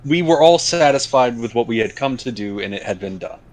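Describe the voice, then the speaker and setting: A young man, telling a story in a casual podcast chat with friends, with drawn-out dramatic pauses. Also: mid-range voice, expressive.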